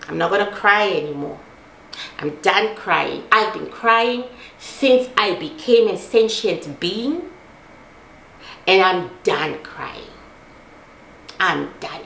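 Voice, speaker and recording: A woman's voice: medium pitch, creaky, a bit bright, echoey room. A middle-aged woman giving an intense personal monologue, emphatic and repeating lines for force, swearing as she talks. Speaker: host.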